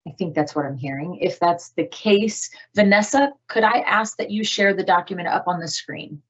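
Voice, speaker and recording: A woman's voice: on the low side, moderate pace, lo-fi sound. A woman facilitating a virtual meeting in an organized, directive way as she calls on participants. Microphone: video call.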